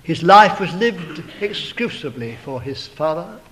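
Brief: male preacher, fairly high voice, slow and deliberate, building to loud emphatic climaxes then falling hushed. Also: lively intonation, rough recording. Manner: slow, dramatic delivery rising to loud emphatic peaks, then dropping to hushed tones; addresses listeners as brethren, beloved brother. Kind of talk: sermon.

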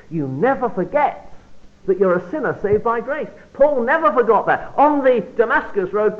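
Man preaching a Bible study, fairly high voice, dramatic quiet drops, narrow phone-like audio. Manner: expressive, emphatic delivery with sudden drops to quiet.

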